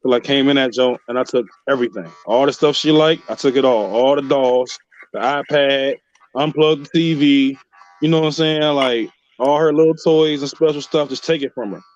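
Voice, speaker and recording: A man calmly talks through a story in easy slang, as a guest on a panel podcast. His voice sits at a middle pitch. The recording sounds dull and muffled. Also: brisk, soft background music. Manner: plain, relaxed, slangy storytelling. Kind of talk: casual panel chat.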